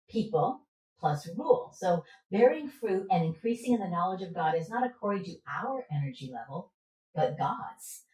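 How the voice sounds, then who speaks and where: A woman teaching through a Bible passage, quizzing her listeners and then answering her own questions. Her voice sits at an ordinary pitch and carries a roomy echo. She sounds set back from the microphone. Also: recorded from a distance. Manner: animated, asks the listeners questions and answers them herself.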